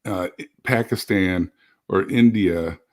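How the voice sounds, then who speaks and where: A man's voice: low voice, slow. A man on a political chat panel, earnestly explaining his points at length. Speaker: show regular.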